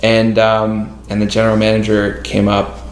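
A man, a podcast guest, telling a story in a casual, animated way and acting out other people's lines. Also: on the low side, moderate pace, slight background noise. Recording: roomy echo.

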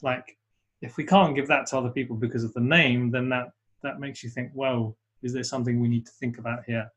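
This webinar co-host thinks aloud with casual enthusiasm, repeatedly backing up to restart and reading out what the audience writes. He has a medium-pitched, slightly rough voice and a brisk delivery.

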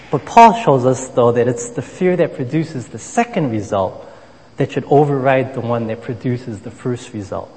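A man preaching a sermon in a relaxed, conversational manner, filling pauses with "you know" as he moves between scripture and everyday stories. His mid-range voice carries a long reverb tail, as if he is speaking in a large hall. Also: mid-range voice. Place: Boston area.

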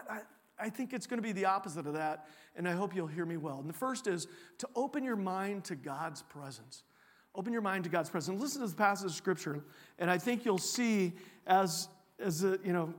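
High-voiced man preaching in a church. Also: big-room sound. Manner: joking, animated, with many restarts and fillers. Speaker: guest preacher. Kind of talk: sermon. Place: church sanctuary.

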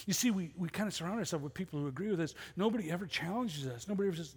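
High-voiced male pastor preaching in a hall. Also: expressive, very fast, breathy edge. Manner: conversational preaching with rhetorical questions. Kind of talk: sermon. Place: church sanctuary.

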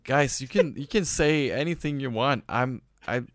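A man's voice: medium pitch, normal speed, fairly bright tone. A man hosting a casual podcast, rambling and often breaking off and restarting his sentences. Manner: rambling, self-interrupting, laughing. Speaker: podcast host. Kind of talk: casual chat.

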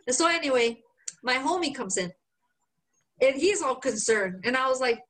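Swearing freely and voicing other people's lines, a woman co-hosting a podcast tells an animated story in casual conversation. She has a high voice and speaks at normal speed.

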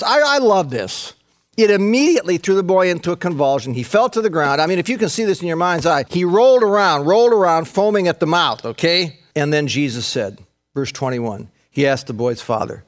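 A male pastor preaching a sermon, retelling a Bible passage and acting out the voices of its people with dramatic rises. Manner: dramatic, acts out scripture quotes with big pitch jumps.

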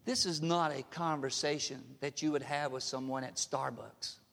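A man's voice: medium pitch, moderate pace, vocal fry, fairly bright tone, in a large hall. A male pastor preaching a sermon, emphatic, often asking the congregation questions. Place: church sanctuary.

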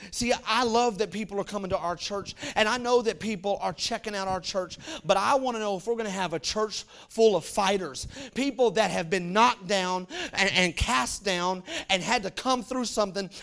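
Gravelly high-voiced preacher man. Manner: lively storytelling, acting out characters in quick voices; colloquial, calls out to congregation. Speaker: pastor. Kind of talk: sermon.

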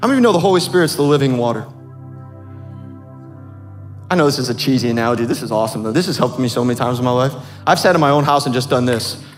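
A man preaching a sermon to a congregation in a casual, joking way, with quick asides to the crowd. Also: mid-range voice, animated, soft background music. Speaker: pastor.

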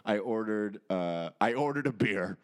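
A young man co-hosting a podcast, speaking in casual comedic chat with dry, deadpan quips. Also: fairly low pitch, a little slow, smooth. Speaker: podcast co-host.

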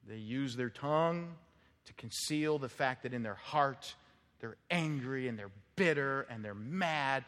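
A man preaching a sermon as pastor, animated, acting out quoted voices and repeating words as he builds up. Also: mid-range voice. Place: church sanctuary. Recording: long reverb of a church hall.

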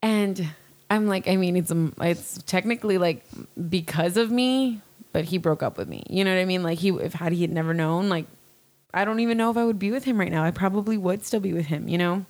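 Young woman, slightly low voice, candid rambling storyteller, casual talk. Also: a little fast, a little mellow. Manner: candid, rambling, fillers and swearing. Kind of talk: casual chat.

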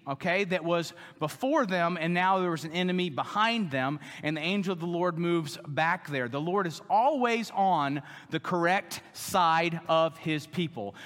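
A man delivers an emphatic sermon, his fairly high voice carrying through a hall with a long reverb. He sometimes acts out the people in the story he tells. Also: a bit bright. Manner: emphatic preaching, voices the grumbling Israelites. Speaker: pastor.

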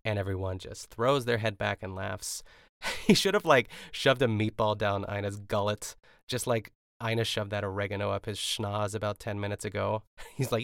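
A man's voice: on the low side, fairly even intonation, moderate pace, gravelly, fairly bright tone, clear, resonant tone, no echo, clean studio sound. A man from Pittsburgh hosting a podcast alone, recapping a cooking show in a rambling, chatty way with plenty of fillers and laughs. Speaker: podcast host. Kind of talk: casual solo recap podcast.

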